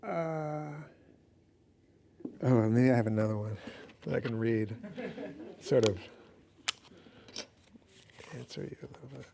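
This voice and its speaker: A man's voice: mid-range voice, slow, vocal fry, long pauses, background noise. A man speaking as a guest author, answering questions in a loose, rambling way with frequent laughs and fillers. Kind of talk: casual Q&A answers.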